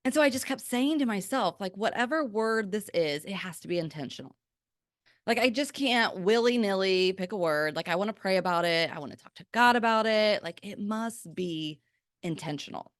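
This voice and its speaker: An energetic woman gives a faith-based pep talk on her podcast. She talks in a chatty, lively way, full of "like" fillers. The recording is dry and close, with no room echo. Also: medium pitch, moderate pace. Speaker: podcast host.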